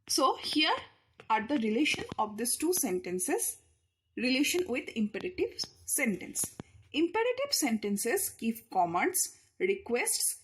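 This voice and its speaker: A woman's voice: fairly high pitch, breathy edge. A woman explains grammar in short, repeated phrases. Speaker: English teacher.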